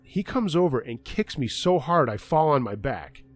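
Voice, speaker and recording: A man's voice: mid-range voice, animated, normal speed. A man narrating a true scary story in a conversational first-person way.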